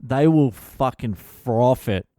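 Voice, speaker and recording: Swearing Australian man, smooth voice. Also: mid-range voice, slow, dark tone, no room sound, studio quality. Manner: crude, profane, swears constantly; laughs at his own jokes. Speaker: podcast host, comedian. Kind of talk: casual comedic monologue.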